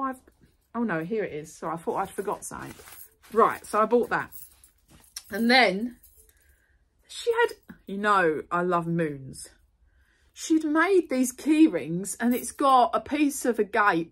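A middle-aged woman, chatting casually to camera as she unboxes and shows off purchases, rambling with quick asides and apologies. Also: mid-range voice, fairly bright tone. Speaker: vlogger.

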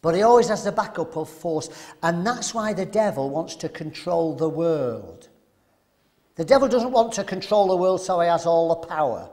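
A man preaching at a men's seminar, animated and throwing rhetorical questions to the audience. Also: on the high side, moderate pace.

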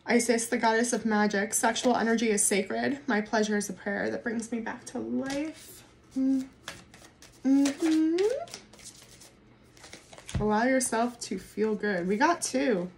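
A woman doing a casual tarot reading to camera, excitable, swearing freely and laughing often. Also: on the high side, creaky, a little hiss or hum. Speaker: tarot reader.

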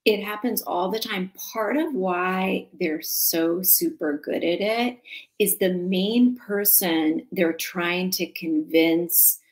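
A woman guest speaking in a casual interview, measured and explanatory, drawing comparisons to make her points. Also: on the low side. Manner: measured, explanatory, uses analogies. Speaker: guest and author.

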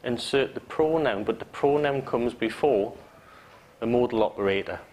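A man's voice: medium pitch, moderate pace, a little mellow, slight background noise, low-quality recording. A man with a Geordie accent teaching hypnotherapy to a live class, joking and acting out example phrases. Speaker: hypnotherapy trainer. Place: training room with students.

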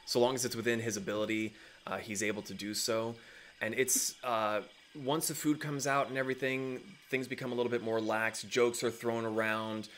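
A man's voice: lowish voice, fairly bright tone, a little hiss or hum. A man narrating as game master in a tabletop game, rambling with many fillers.

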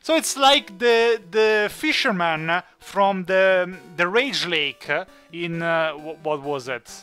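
A man's voice: high-pitched, takes it slowly, sharp tone, smooth, soft background music. A man who is not a native English speaker, chatting and joking through his let's play. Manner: chatty, jokey, thinks aloud. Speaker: gaming channel host.

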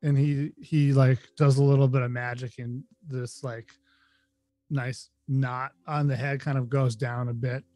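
A man narrating a tabletop game as game master, halting and restarting as he talks. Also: medium pitch, little pitch movement, warm tone, no echo. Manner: halting, many fillers and restarts. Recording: dry close mic, faint music.

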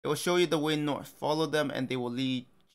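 A man's voice: a little high, steady tone, fairly quick, clear, resonant tone, lightly acted. A man voicing a commanding, condescending male god who speaks in a grand, lofty way.

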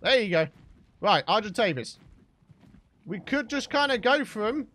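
A young British man giving excited, chatty let's play commentary as the host of a gaming channel. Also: high voice, normal speed. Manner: excitable, chatty, bursts into shouts and laughs.

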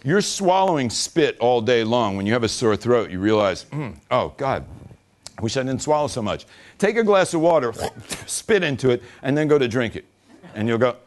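A man giving a casual, joking talk to an audience at an event, laughing along with them. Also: on the high side. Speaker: speaker at a business event.

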